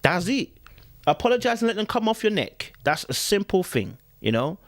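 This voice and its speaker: Animated man with slang, dry sound. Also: high voice, moderate pace, dry recording. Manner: animated, repetitive, rhetorical questions to listeners. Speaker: podcast host. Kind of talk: casual opinion commentary.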